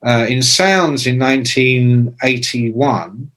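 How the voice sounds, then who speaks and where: Older man telling lively stories. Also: medium pitch, takes it slowly. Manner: animated anecdotes with shouted imitations; swears casually. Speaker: interview guest, music journalist. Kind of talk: casual storytelling.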